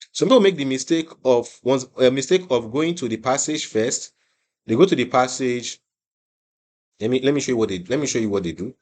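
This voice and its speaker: A young adult man tutoring an online exam-prep class, stressing points by repeating himself and restarting his sentences. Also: mid-range voice. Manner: emphatic, repeats phrases, many restarts. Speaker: IELTS tutor.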